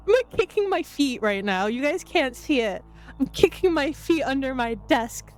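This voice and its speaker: Giggly high-pitched woman streamer. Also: moderate pace. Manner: giggly, excitable, often breaking into laughter and squeals. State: laughing to tears. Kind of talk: live-stream chat with viewers. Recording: faint music in the background.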